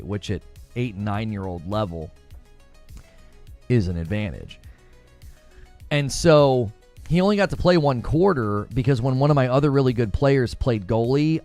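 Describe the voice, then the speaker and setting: Guy on a gaming podcast telling a story, pitch jumps all over, faint music behind. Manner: animated storyteller, acts out quotes. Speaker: podcast host and youth soccer coach. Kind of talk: casual chat.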